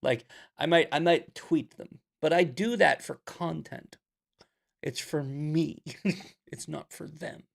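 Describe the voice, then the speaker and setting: A young adult man hosting a casual commentary show, blunt and sarcastic, telling stories in an animated way. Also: fairly high pitch, takes it slowly, creaky. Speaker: podcast host. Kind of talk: casual commentary, reading questions.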